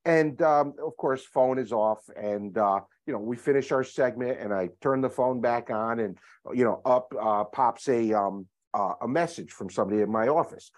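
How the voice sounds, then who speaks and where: A man, a chocolate brand executive, telling stories as a guest in a casual interview, energetic and salesy with lots of fillers. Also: mid-range voice, normal speed. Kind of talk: animated storytelling, casual interview.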